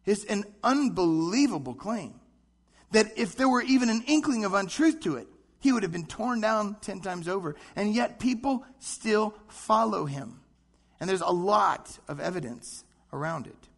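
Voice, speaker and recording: A man preaching a sermon, animated, acting out short voices as he goes. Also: sits high, gravelly. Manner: animated, acts out voices in quick asides. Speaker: pastor.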